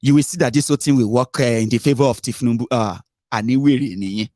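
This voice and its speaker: A Nigerian man giving scornful political commentary, mixing English, Yoruba and pidgin, swinging from low grumbling to loud outbursts. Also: sing-song, fast talker, no echo, clean studio sound.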